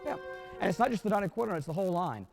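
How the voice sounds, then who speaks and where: A man's voice: high voice, animated, rapid-fire, creaky, loud music behind the voice. A man coaching a wind band in rehearsal in a concert hall, giving encouraging instructions and singing phrases in scat syllables to show how they should go. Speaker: band clinician.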